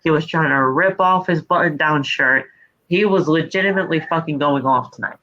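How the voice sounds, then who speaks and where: Bright high-voiced man, profane recap. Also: brisk, lo-fi sound. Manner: profane, animated play-by-play recapping. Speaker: podcast co-host. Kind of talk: casual wrestling recap chat.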